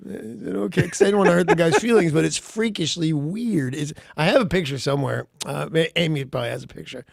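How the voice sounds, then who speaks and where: Gravelly rambling radio host man. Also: on the high side, brisk, hardly any pauses, dry recording, clean studio sound. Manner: rambling storyteller, wry and self-mocking. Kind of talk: casual morning radio chat.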